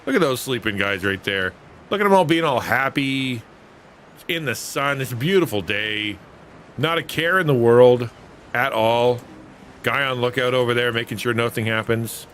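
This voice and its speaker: Over game music and a little hiss or hum, a man with a mid-range, fairly bright voice speaks at a normal speed. He's hosting a stream of his gameplay, chatting playfully with viewers and teasing himself in casual live commentary.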